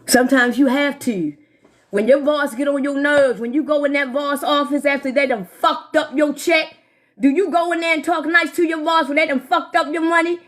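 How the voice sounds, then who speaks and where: High-voiced woman ranting, full of swearing. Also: fairly even intonation, normal speed, a bit bright. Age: 40s. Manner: heated, swears constantly, talks straight to viewers. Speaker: livestreamer. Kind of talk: profane live-stream rant.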